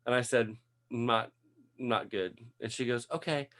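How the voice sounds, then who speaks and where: A man hosting a relaxed catch-up conversation, retelling a story with lively energy. His voice sits at an everyday middle pitch. He often restarts his sentences and laughs as he talks. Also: a little slow. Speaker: podcast host. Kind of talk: casual chat.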